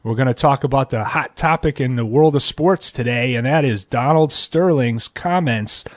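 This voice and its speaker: A young man hosting a sports podcast in a small studio, opening with radio-style lines and replying in a measured, agreeable way. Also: mid-range voice, no echo. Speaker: host. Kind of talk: casual sports talk.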